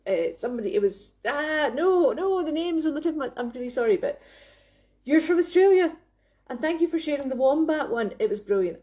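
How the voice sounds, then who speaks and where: Lady rambling on a live stream from her phone, warm mellow voice, lots of restarts. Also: a little high. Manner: chatty, rambling, with many restarts and laughs. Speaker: craft maker hosting a live chat. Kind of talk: casual live-stream chat. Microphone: phone camera.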